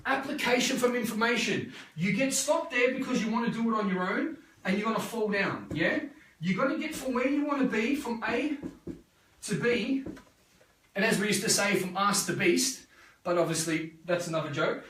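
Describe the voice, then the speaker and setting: An Australian man in a live motivational talk as a life coach, energetic and rambling, repeating himself and checking in with "yeah?". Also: high-pitched, normal speed, reverberant, recorded from a distance. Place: live online session.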